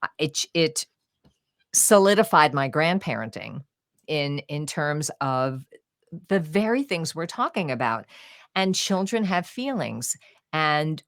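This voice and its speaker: An older woman with a low, deep-set voice talks as a podcast guest. She tells her stories expressively and acts out what people said. The sound is close and dry, with no room around it. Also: dry recording. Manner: expressive, animated storytelling with acted-out quotes. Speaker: guest author and audiobook narrator. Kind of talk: conversational podcast interview.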